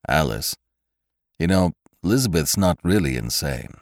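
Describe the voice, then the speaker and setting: A man's voice: rumbling low, expressive, moderate pace, no echo, studio quality. A man voicing a weary, irritable male space traveler who snaps when pushed. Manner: tired and short-tempered, shouting in a crisis.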